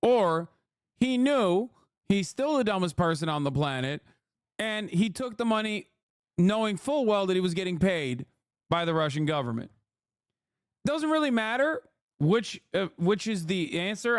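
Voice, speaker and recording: A man's voice: sits high, clear, resonant tone, no echo, clean studio sound. A male streamer reacting to a clip, mocking and heated, swearing often. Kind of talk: profane, sarcastic streamer commentary.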